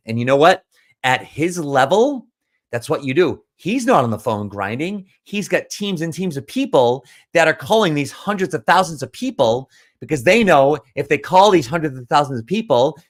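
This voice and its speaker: A man's voice: medium pitch, fairly bright tone. A man who coaches business owners, telling a story in a casual monologue, earnest and emphatic, often restarting and repeating words.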